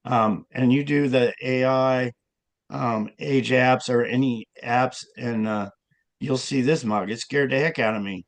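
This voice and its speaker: A man with a gravelly, creaky voice speaks as a guest in a casual interview. He wanders from point to point and fills gaps with many ums and restarts. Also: medium pitch, measured pace. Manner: rambling, with many fillers and restarts.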